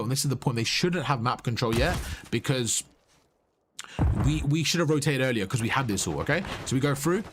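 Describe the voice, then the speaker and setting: A man's voice: medium pitch, background noise. A man coaching a player as he reviews gameplay, explaining things step by step and often asking "you see?". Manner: instructive, repeats points with "you see?". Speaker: game coach. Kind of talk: coaching commentary over gameplay.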